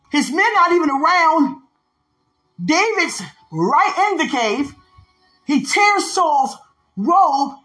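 A woman delivers a podcast sermon, her voice sitting very high and swinging widely as she acts out each character. She tells the Bible story with lively devotional energy. Faint music plays beneath her. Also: poor audio. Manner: animated storytelling, acting out the characters' lines. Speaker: preacher.

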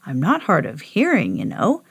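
A woman's voice: low-pitched, wildly swooping pitch, normal speed, creaky, slightly rough, voice pushed down, exaggerated voice. A woman doing a sleepy old moon man. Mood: drowsy. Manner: drowsy, mishears words. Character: sleepy, hard-of-hearing old male moon.

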